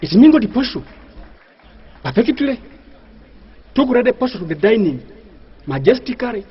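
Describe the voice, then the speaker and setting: A man's voice: very high-pitched, big pitch swings, moderate pace, husky. A man doing a stand-up comedy routine, with a mock-pompous manner and grand words, over audience laughter. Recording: dull lo-fi live recording.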